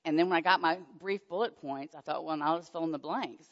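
An older woman born in Oklahoma with a Texan accent, giving a nervous, chatty faith testimony as a guest speaker in a church hall, acting out conversations. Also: fast. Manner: chatty storytelling, acts out dialogue with pitch jumps; nervous, self-deprecating. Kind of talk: personal faith testimony to an audience. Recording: dull echoey hall recording.

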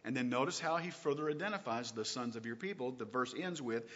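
A man teaching a recorded Bible lesson, asking his listeners questions and reading verses out slowly and with weight. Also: medium pitch, in a large hall, muffled recording. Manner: lively, asks rhetorical questions, reads scripture slowly.

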